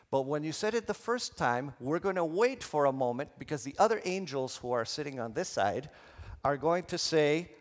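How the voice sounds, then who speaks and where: A man preaching a sermon in a church, animated and leading the congregation in call and response. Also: fairly high pitch, in a large hall. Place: church sanctuary.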